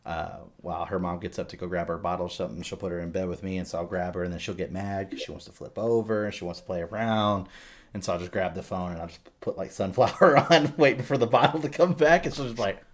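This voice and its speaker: A young adult man chatting casually on a podcast, telling animated stories and swearing freely. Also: deep voice, fast talker, a little hiss or hum. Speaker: podcast co-host. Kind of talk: casual chat.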